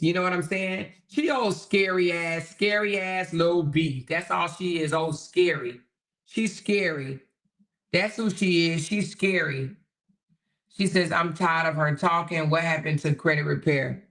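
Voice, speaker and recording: A woman's voice: fairly low pitch, fairly bright tone. A woman hosting a casual livestream, chatting, reading out viewer comments and laughing along. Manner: chatty, laughing, drawn-out exclamations. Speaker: livestream host.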